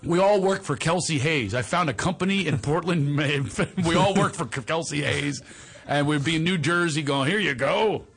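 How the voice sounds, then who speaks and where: A man's voice: fairly high pitch, moderate pace, husky. A man hosting a podcast, telling stories in casual chat and laughing often. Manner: animated storyteller, laughs often. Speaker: podcast host.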